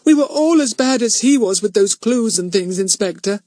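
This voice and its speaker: A man's voice: high voice, expressive, moderate pace, darkish tone, no echo, pitched above the performer's own voice. A man voicing an anxious, earnest little schoolgirl in a storybook reading, eager and breathless.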